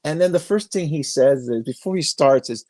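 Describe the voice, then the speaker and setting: A man's voice: fairly high pitch, normal speed, darkish tone, no room sound. Guy rambling on about stuff into his phone in his bedroom, super dry sound, emphatic. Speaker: podcast host. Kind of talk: casual interview chat. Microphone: iPhone.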